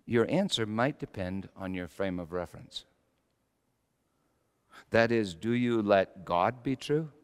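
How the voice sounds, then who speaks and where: A pastor preaching a sermon, swinging between loud exclamations and hushed asides. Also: male voice, fairly low pitch, expressive, unhurried, pauses often, clean tone. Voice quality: slight whistle on a false tooth. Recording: long echoing hall reverb.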